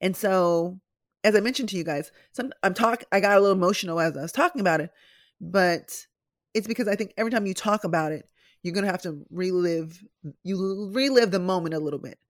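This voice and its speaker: A woman's voice: medium pitch, a little fast, no echo, clean studio sound. A middle-aged woman hosting a podcast, talking candidly and directly to her listeners in a chatty personal style. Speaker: podcast host and nurse.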